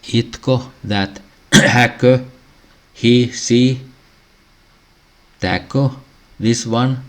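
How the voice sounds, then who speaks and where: A man slowly reading out a language lesson, pausing often and clearing his throat between phrases. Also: mid-range voice, steady tone, a bit bright. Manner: halting, frequent throat clearing. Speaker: language teacher.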